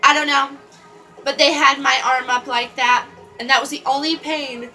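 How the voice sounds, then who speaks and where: A woman talks straight to the camera in a rambling storytime vlog, stopping and restarting her sentences. Her voice sits a bit high and sounds bright and sharp. Soft music plays faintly behind her. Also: fairly even intonation, poor audio. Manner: rambling, halting with many restarts and fillers. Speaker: vlogger.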